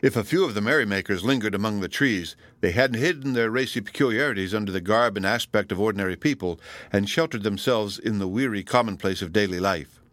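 A man narrating a classic novel in a measured, formal audiobook reading. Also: fairly low pitch, fairly bright tone, dry recording.

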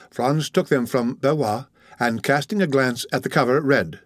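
A man reads a classic novel aloud in a measured, even way. His voice sits at a typical middle pitch. The recording is close and dry, with no room sound. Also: no room sound. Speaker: audiobook narrator. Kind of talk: scripted narration of a classic novel.

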